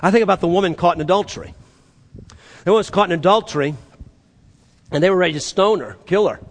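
A man preaching a sermon, animated and acting out the voices he quotes, his voice rising and dropping sharply. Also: high-pitched, quick pace. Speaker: pastor.

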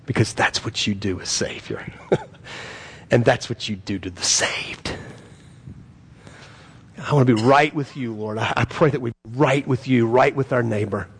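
A man with a gravelly, husky voice preaches as a pastor. He talks in an earnest, pleading way, and his emphasis swells through the prayers. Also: mid-range voice, measured pace, pauses often. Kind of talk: sermon and prayer.

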